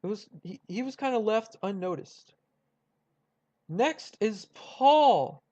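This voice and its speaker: A man's voice: sits high, animated, slow pace, darkish tone. Rambling young guy on a dull mic. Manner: rambling, many fillers and restarts. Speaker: YouTuber ranking cartoon rivals. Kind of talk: casual commentary.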